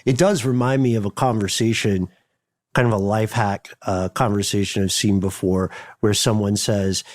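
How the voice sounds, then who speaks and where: A man co-hosting a podcast, thoughtful and digressive, building his points slowly with restarts. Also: on the low side, dry recording, studio quality. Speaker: podcast co-host. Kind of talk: casual podcast chat.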